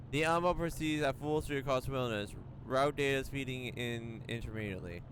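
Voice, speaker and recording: A man's voice: medium pitch, a little fast, few pauses, slight background noise. A young man streaming a game, reading its story aloud with stumbles and reacting with laughs. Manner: animated, stumbling reads, frequent laughs. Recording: voice over loud game music. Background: game music.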